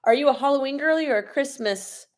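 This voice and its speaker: Young woman vlogger, casual live-stream chat, slightly sick with sniffles, quick to laugh. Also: high-pitched. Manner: chatty, laughs often, answers viewer questions. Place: home, at a laptop in the kitchen. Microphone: laptop or phone camera propped up.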